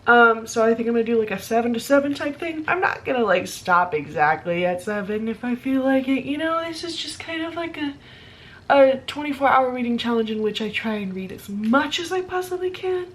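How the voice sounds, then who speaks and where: A woman's voice: on the high side, animated, a little fast. A young woman vlogging casually about her reading, chatty and rambling with lots of fillers. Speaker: book vlogger. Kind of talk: casual vlog chat.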